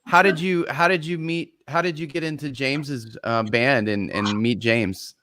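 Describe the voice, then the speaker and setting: A man co-hosting a podcast, asking questions casually, with halting restarts and rephrasing. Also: medium pitch, background noise. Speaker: podcast co-host. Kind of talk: casual interview chat.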